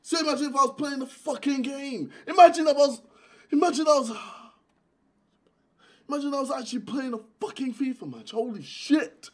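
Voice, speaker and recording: A young man doing gaming commentary on a headset mic, swearing and raging in loud outbursts. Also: very high-pitched, a little fast. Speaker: gaming YouTuber. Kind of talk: gaming commentary while opening packs. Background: music.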